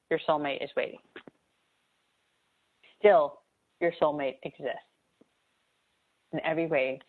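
A woman giving an earnest, emphatic motivational talk on manifesting, repeating key phrases for emphasis. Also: deep voice. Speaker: spiritual coach. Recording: tinny phone-like sound.

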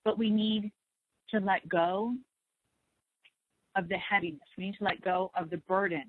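A woman host talks in a gentle, reassuring way, circling back over the same words. Her voice comes through thin and tinny, like a phone line. The sound is dry, with no room around it. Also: mid-range voice, steady tone, moderate pace, no echo. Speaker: spiritual talk show host. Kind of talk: slow soothing talk on meditation and letting go.

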